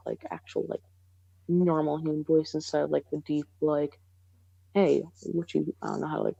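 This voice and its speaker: A woman's voice: low-pitched, vocal fry, dark tone, no room sound, rough recording. A young woman co-hosting a podcast in casual chat, rambling and hesitant with lots of fillers. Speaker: podcast co-host.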